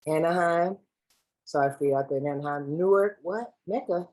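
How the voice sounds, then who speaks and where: A woman's voice: fairly low pitch, a little fast, a little mellow, poor audio. A woman from Los Angeles facilitating an online workshop over a video call in a playful, slangy, chatty way. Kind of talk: lively online workshop hosting.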